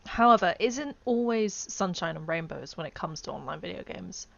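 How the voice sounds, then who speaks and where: A woman giving measured, scripted documentary narration. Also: on the low side, animated, creaky, dull audio. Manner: measured, explanatory.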